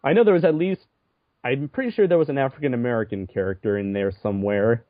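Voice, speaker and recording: A man's voice: medium pitch, quick pace, no echo. A man from Mexico, a guest on a podcast, talking casually and arguing his point with exclamations. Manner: argumentative, exclaiming. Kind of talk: casual riffing commentary. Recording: dry muffled lo-fi recording.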